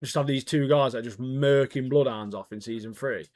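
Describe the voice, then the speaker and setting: A man's voice: mid-range voice, fairly quick, darkish tone, dry recording, clean studio sound. A man co-hosting a podcast, chatting casually in slang and acting out characters' lines. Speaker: podcast co-host. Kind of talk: casual chat.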